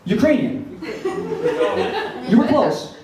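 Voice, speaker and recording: A man's voice: high-pitched, takes it slowly. Stand-up comic, male, self-mocking storyteller; roomy far-off club sound, crowd laughing behind. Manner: animated, self-mocking storytelling with acted quotes. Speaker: stand-up comedian. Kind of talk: stand-up comedy set. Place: café stage with live audience. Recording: echoey room, distant mic, crowd laughter.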